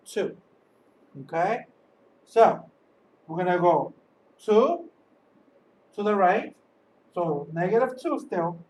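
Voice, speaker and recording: A teacher records a video lesson, slowly talking through each step and pausing to ask "okay?" along the way. The voice sounds set back from the microphone, and a faint hum of background noise runs underneath. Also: mid-range voice, a little mellow, far from the mic, poor audio. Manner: patient, step-by-step, often checks in with "okay?". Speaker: high school math teacher.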